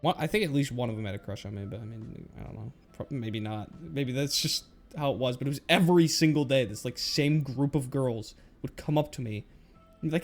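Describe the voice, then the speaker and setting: A man's voice: medium pitch, fairly quick, a little mellow, faint music behind. A young man casually commenting on his old school slides, rambling and joking at himself with frequent laughs, recorded on a webcam. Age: young adult. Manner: rambling, self-mocking, laughs often. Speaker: YouTuber.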